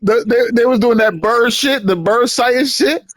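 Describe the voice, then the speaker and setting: A man's voice: very high voice, moderate pace, fairly bright tone, no room sound. A young man telling stories in casual, profane slang during gaming banter with friends. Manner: profane, slangy storytelling with frequent laughs. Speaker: gamer chatting with friends.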